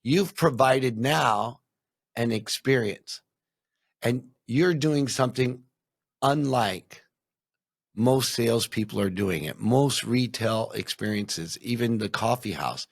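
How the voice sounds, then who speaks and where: A man's voice: medium pitch, lively intonation, takes it slowly, creaky, husky, no room sound, studio quality. A man hosting an interview, responding with enthusiasm and thinking aloud. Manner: enthusiastic, thinking aloud with many "you know"s. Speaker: podcast host. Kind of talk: casual interview chat.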